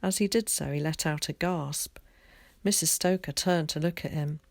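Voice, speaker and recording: Low-voiced woman reading a storybook. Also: normal speed, no room sound. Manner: clear, expressive reading. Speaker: teacher.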